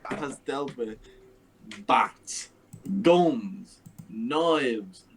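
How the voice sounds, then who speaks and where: A man co-hosting a podcast, talking about films in an animated, sweary, sarcastic way. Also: medium pitch, very slow, slight background noise, poor audio. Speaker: podcast co-host. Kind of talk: casual film review chat.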